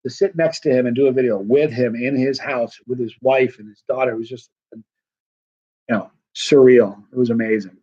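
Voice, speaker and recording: Middle-aged man, rambling live-stream host, mid-pitched voice, slightly muffled lo-fi audio. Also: steady tone, moderate pace. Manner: rambling, full of restarts and fillers, chatty. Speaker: hot-pepper challenge channel host. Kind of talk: casual live-stream chat reading viewer comments.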